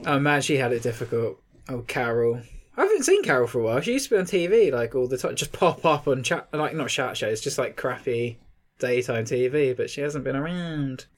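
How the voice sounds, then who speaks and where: Brief: young woman co-host, strikingly deep voice, dry humour, quick laughs. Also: very animated. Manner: wry, laughs often, short reactions. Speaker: podcast co-host. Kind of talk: casual chat.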